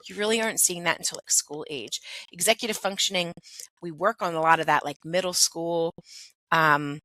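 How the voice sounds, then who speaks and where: Bright-voiced woman explaining at length. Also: on the low side, normal speed, poor audio. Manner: explanatory, peppers speech with "like" and "right?". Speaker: pediatric occupational therapist, guest. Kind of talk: conversational interview.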